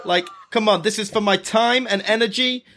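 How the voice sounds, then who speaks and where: A man's voice: high voice, normal speed, sharp tone, a little hiss or hum, voice pushed up. A man voicing a greedy, nagging girl trainer collecting debts, with a vague made-up accent.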